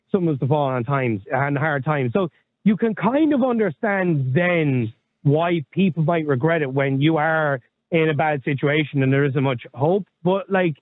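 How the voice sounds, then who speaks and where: Man, thirties, slightly high voice, rambling and candid, thin phone-like sound, dry. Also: no room sound. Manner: rambling, candid, swears casually. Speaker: podcast co-host. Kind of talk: casual chat. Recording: tinny phone-like line.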